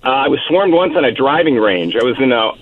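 Male caller over a tinny phone line. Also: mid-range voice. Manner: relaxed storytelling with "uh" pauses. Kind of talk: phone-in storytelling.

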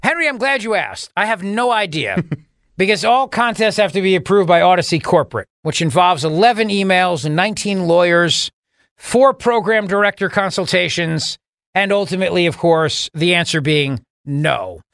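A male radio host with a fairly high voice who rambles through sarcastic bits and keeps laughing at his own jokes. He is recorded close on a dry studio microphone. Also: normal speed, a bit bright, no room sound. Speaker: radio talk show host. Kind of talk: joking radio banter.

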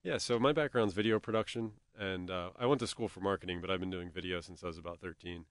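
Man, very low voice, quick talker, guest on a radio show, dry sound. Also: clear, resonant tone, dry recording. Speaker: studio co-owner and video producer. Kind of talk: casual radio interview.

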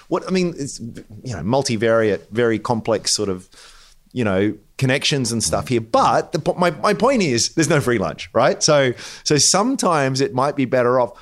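Australian man, podcast co-host, casual, halting restarts, mid pitch. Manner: thinks aloud with frequent restarts and repeated words. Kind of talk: casual chat.

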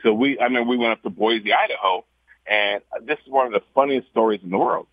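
A husky-voiced man tells his story over a tinny, dry phone line. He is animated and often repeats words as he restarts a sentence. He speaks at an ordinary pitch for a man. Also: fairly quick, no echo. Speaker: guest, former basketball showman. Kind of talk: storytelling, casual chat.

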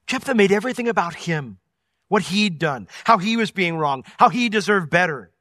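A man preaches with lively energy, slipping into character voices as he retells his story. His voice sits high and bright. The recording is dry, with no room echo. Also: normal speed. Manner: animated, acts out voices. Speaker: pastor. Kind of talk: sermon.

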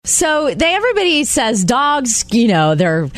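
A woman radio co-host with a slightly high voice that rises and falls widely as she talks. She chats casually and laughs her way through stories. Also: very animated, measured pace, no echo. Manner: chatty, laughing storyteller.

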